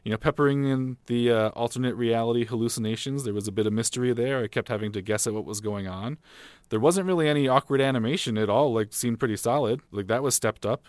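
A podcast co-host giving relaxed, thoughtful opinions and laughing easily. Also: medium pitch, fast, no echo. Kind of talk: casual episode review chat.

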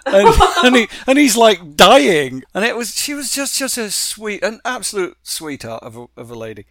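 A man being interviewed, telling animated stories from working in animation, acting out quotes and laughing often. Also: sits high, moderate pace, dry recording, studio quality. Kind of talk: casual interview storytelling.

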